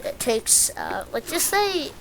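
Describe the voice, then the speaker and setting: A woman's voice: a little high, slow pace, vocal fry, background noise. A woman giving casual, rambling gameplay commentary as she walks through a game guide, often poking fun at herself. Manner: rambling, self-deprecating, easily excited.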